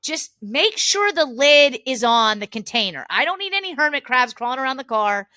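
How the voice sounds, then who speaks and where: A woman co-hosting a podcast, telling family stories in a lively, chatty way and laughing often. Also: sits high, normal speed, no room sound, studio quality. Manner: animated storyteller, laughs often. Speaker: podcast co-host. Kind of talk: casual family chat.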